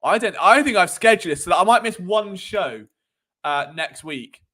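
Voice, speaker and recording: A young man with a British accent rambles through a casual sports live stream, teasing and joking as he goes. His speaking voice sits high for a man. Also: animated, normal speed, pushed and bright. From Britain. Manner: cheeky, rambling, jokey. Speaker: sports show host.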